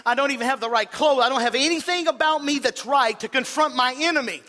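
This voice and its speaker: A man's voice: extremely high pitch, fast, pushed and bright, big-room sound. A male preacher voicing a hesitant, self-doubting man who pleads and makes excuses. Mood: pleading.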